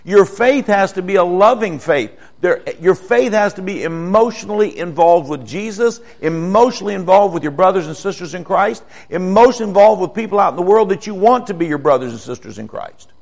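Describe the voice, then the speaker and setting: A man's voice: high-pitched, animated, a little fast, creaky, few pauses, a little mellow. An older man preaching a folksy, conversational sermon, asking the congregation questions.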